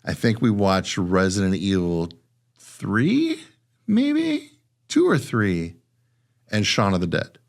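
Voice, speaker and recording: A man with a low voice that swings widely in pitch, chatting casually as a podcast co-host. He acts out the lines he quotes and swears offhandedly. His telling is loose, animated and full of asides. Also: slow pace, vocal fry, long pauses. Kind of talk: casual chat.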